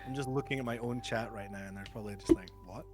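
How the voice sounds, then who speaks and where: A Scottish man chatting casually on a stream, telling stories in a jokey way. His voice sits at an ordinary middle pitch. Soft music plays in the background. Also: fast talker. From Scotland. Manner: chatty, jokey storyteller who laughs often. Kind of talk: casual chat.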